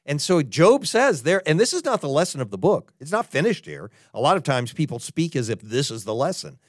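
A man's voice: fairly high pitch, very animated, brisk, no echo, clean studio sound. A man preaching a sermon in an earnest, dramatic way, voicing pleading prayers as he goes.

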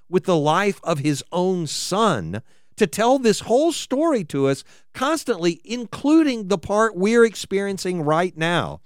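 A man's voice: sits high, very animated, measured pace, clean tone, dry recording, studio quality. A man preaching a sermon, reading scripture aloud with rising and falling emphasis.

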